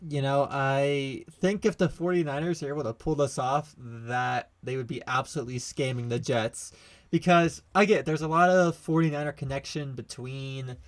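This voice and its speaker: A man's voice: mid-range voice, moderate pace. A young man hosting a casual sports podcast, upbeat and joking. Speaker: podcast host.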